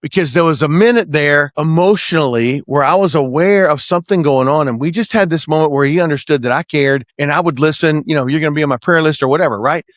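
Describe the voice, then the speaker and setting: A man's voice: fairly high pitch, fast, few pauses, no room sound, clean studio sound. A man hosting a podcast, giving an earnest motivational coaching talk and often checking in with "right?". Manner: earnest, preacher-like, keeps asking "right?". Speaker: podcast host and management consultant.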